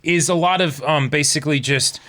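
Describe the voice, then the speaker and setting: A man's voice: on the high side, brisk, a little hiss or hum. A man co-hosting an anime reaction show, chatting casually and explaining with frequent "right?" asides. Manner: animated storyteller, lots of affirming "mm-hmm" and "right?". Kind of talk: casual chat.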